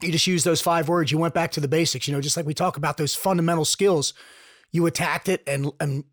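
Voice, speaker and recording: A podcast co-host talks in a halting, heartfelt manner, stopping and restarting and filling gaps with "you know". His voice sits a bit high and sounds dry and close to the mic. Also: fairly even intonation, no echo. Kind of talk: casual podcast interview.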